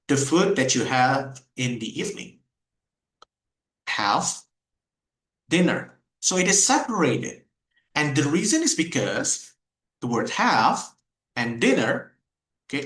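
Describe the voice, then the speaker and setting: Slow, lively Indonesian-accented male teacher. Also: medium pitch, echoey room. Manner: slow, drawn-out model phrases, repeated. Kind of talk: online micro-teaching lesson.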